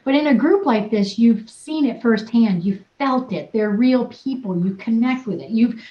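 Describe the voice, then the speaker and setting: A woman's voice: on the high side, animated, moderate pace, roomy sound, lo-fi sound. A woman wellness coach leading a group session, talking in an upbeat, playful, encouraging way.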